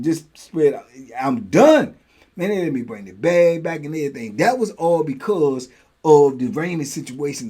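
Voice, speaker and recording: A man's voice: high voice, slight background noise. A middle-aged man and channel host telling a story in a casual way, slipping into voices for the people in it. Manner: animated, slips into voices for the people in his story.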